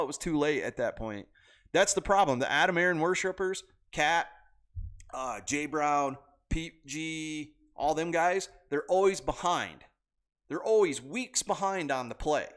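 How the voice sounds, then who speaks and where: A man's voice: mid-range voice, fairly bright tone. A man hosting a casual livestream from home, talking stock trades in a loose, blunt, rambling way at his computer mic. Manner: loose, blunt, rambling talk with chat asides.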